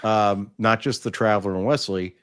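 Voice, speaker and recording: A man's voice: fairly low pitch, fairly even intonation, normal speed, fairly bright tone, smooth. A man hosting a TV review podcast, reading a scripted intro and then explaining plot points in casual chat. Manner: explanatory, with frequent fillers and restarts in chat. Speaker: podcast host reviewing TV episodes.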